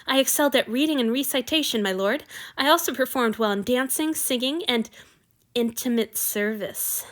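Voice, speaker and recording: A woman's voice: fairly quick, a bit bright. Woman voicing a pleading, tearful young male sacrifice. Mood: eager meek. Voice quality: pleading, breathless, high-pitched. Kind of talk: audiobook fan fiction reading.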